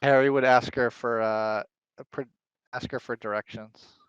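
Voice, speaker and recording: A man's voice: medium pitch, fairly even intonation, normal speed, a bit bright, smooth, dry recording, dull audio. A man playing a tabletop game who talks casually and hesitantly, full of fillers and questions. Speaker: player.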